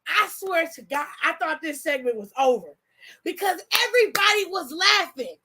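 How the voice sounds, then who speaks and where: A woman talks through a wrestling show in a loose, slangy recap, animated and quick to laugh. Her voice sits high, with a bright, forceful tone. She sounds like a casual online commentator chatting straight to her viewers.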